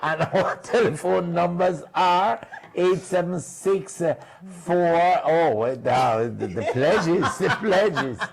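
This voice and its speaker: Jamaican guy hosting a fundraiser, slow and jokey, kinda higher voice, lots of laughing. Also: creaky. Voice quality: joking, laughing, switches into patois. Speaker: telethon host. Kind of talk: casual chat.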